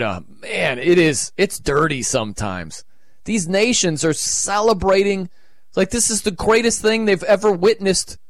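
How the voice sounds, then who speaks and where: Animated radio sports host, man. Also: a little high, no room sound, studio quality. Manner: animated, acts out quoted reactions. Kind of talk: casual sports talk.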